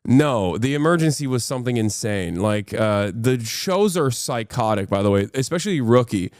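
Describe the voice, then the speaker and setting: A man's voice: mid-range voice, animated, moderate pace, darkish tone, no echo, clean studio sound. A man in his thirties, a streamer giving casual, opinionated, sarcastic commentary and swearing freely.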